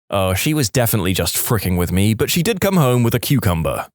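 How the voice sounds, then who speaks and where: A man narrating reddit-style stories in an expressive, scripted storytime manner. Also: lowish voice, a little fast, few pauses, no room sound, clean studio sound. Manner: lively, expressive reading.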